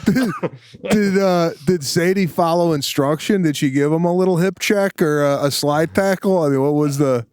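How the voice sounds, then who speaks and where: A man's voice: fairly high pitch, normal speed, a little mellow, smooth, no room sound. A man co-hosting a podcast, asking teasing questions in casual chat. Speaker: podcast co-host.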